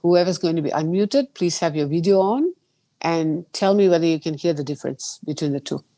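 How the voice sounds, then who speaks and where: A woman leading an online meditation lesson, explaining gently and singing sustained vowel tones to demonstrate. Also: deep voice, fairly quick, no echo. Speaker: meditation teacher.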